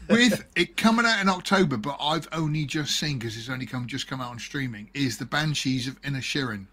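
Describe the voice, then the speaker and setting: A man's voice: mid-range voice, animated, brisk. A man hosting a casual film chat, rambling and laughing as he talks. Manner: rambling, laughing, jumpy loudness. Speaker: podcast host. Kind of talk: casual chat reviewing films.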